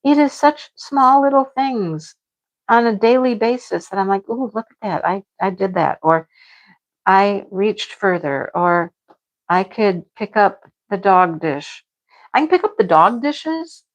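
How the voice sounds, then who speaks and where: A woman's voice: medium pitch, slow. Woman, middle-aged, casual livestream chat, frank, exasperated. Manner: frank, exasperated venting with laughs. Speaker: livestream host. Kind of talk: casual chat with live viewers.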